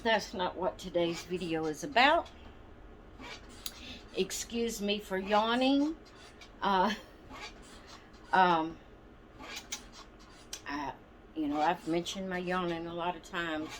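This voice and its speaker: A woman's voice: fairly low pitch, takes it slowly, long pauses, slight background noise. A woman hosting her doll channel, chatting casually and rambling to viewers with plenty of ums and asides. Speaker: doll channel vlog host.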